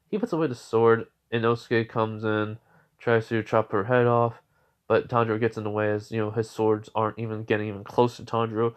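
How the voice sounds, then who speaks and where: A man's voice: fairly low pitch, level tone, a little fast, clean tone. A man casually retelling a made-up fan story, rambling with lots of filler. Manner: rambling, heavy with fillers and restarts.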